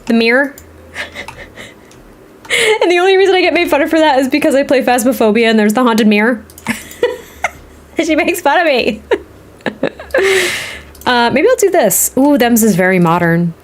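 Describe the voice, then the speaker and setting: Thirties woman streamer, higher-pitched, giggly and rambling, casual talk over gameplay. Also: big pitch swings, measured pace, pauses often. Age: 30s. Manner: giggly, rambling, laughs often. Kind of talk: casual livestream chat while playing.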